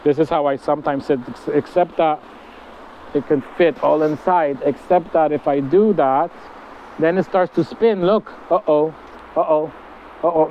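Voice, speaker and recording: A man's voice: on the high side, unhurried, dull audio, a little hiss or hum. A man talking casually to camera on an outdoor deck, meandering, with many fillers. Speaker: spiritual vlogger. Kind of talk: casual spiritual vlog.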